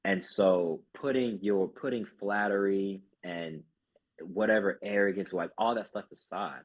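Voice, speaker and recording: A group fitness instructor appears as a guest on a casual podcast, speaking earnestly in a low, unhurried voice. He often restarts his sentences.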